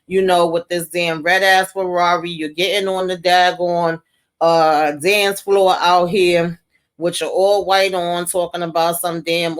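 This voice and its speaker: A woman casually recapping a TV episode for her channel, slangy and animated, with mild cursing. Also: on the low side, unhurried, clear, resonant tone. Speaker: TV recap vlogger.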